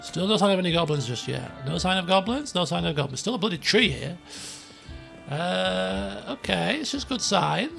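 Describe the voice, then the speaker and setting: A man giving casual, chatty, excitable gameplay commentary as a let's play host at a desk microphone. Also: sits high, moderate pace, creaky, soft background music. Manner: chatty, excitable, self-mocking.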